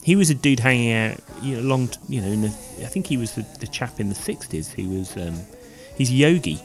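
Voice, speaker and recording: A man co-hosts a casual podcast, his voice swinging lively up and down as he reads facts aloud with frequent restarts. Faint music sits underneath. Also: medium pitch, fairly quick. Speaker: podcast co-host.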